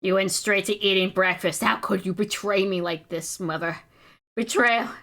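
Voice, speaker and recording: Woman putting on a pouting young female cat, bright, forceful voice, melodramatic, wounded. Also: mid-range voice, steady tone, normal speed, close to an everyday voice. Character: sulky dramatic young female house cat.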